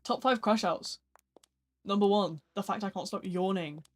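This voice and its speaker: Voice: mid-range voice, moderate pace. A gaming livestreamer in casual, rambling chat, sleepy and yawning, slangy and self-mocking.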